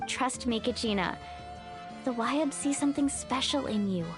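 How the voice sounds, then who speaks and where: A woman's voice: fairly high pitch, moderate pace, close to an everyday voice. A woman voicing a confident, encouraging young woman warrior in a video game. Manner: encouraging, breezy. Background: game music.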